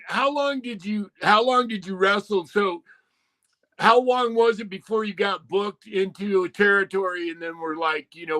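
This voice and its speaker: High, bright-voiced host, profane, eager, conversational. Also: male voice. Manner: swears constantly, eager questioning. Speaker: podcast host. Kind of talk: casual interview chat.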